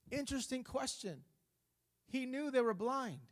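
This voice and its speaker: A male pastor giving a sermon in a church, preaching with passion that grows loud on repeated phrases. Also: very high voice, animated, normal speed.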